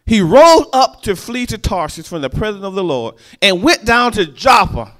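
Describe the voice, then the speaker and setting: A man preaches with a fairly high voice that leaps up and down. He tells stories in a call-and-response manner and keeps drawing the congregation in with quick checks. His delivery swings from low asides to loud, climbing peaks. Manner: animated, call-and-response, storytelling. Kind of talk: sermon.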